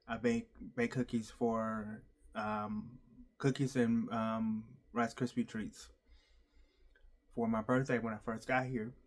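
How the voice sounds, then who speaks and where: A man telling a heartfelt story in a casual personal vlog, halting often with fillers and restarts. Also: on the low side. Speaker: vlogger.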